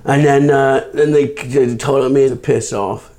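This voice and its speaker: A man, a comedian guest on a podcast, telling stories in casual chat with lots of swearing and quick asides. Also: mid-range voice, fairly even intonation, a little mellow.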